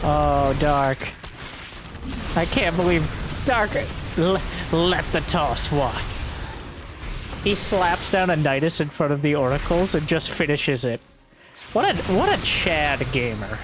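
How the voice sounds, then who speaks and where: A man casting a strategy game match solo, joking along and bursting into high-pitched exclamations. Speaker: esports caster. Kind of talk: solo play-by-play commentary.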